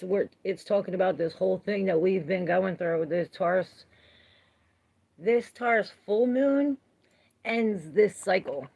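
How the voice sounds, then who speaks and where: Unhurried woman tarot streamer, chatty and quick to laugh, with a low fry in the voice. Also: a little mellow. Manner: chatty, laughs often, reads viewer comments aloud. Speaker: tarot reader. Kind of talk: casual livestream tarot reading.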